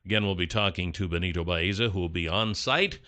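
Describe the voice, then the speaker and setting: A man's voice: deep voice, fairly quick, pushed and bright. A middle-aged man co-hosting a local radio show, chatting casually and reading a sponsor spot with easy "uh" fillers. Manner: easygoing, chatty, with frequent "uh" fillers. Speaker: radio co-host.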